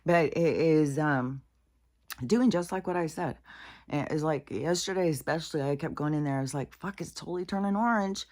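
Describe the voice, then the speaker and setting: A woman with a low, deep-set speaking voice rambles through a candid personal vlog. She swears freely and drifts between thoughts, sometimes dropping into a whisper for an aside. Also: normal speed, a little mellow. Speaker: vlogger. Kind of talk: casual rambling monologue.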